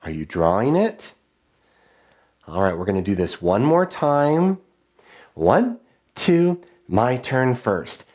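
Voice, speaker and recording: A male music teacher leading children through rhythm dictation, chanting rhythm syllables in a high sing-song and giving clear, encouraging call-and-response instructions. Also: wildly swooping pitch, takes it slowly, a little mellow. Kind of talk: online music lesson for children.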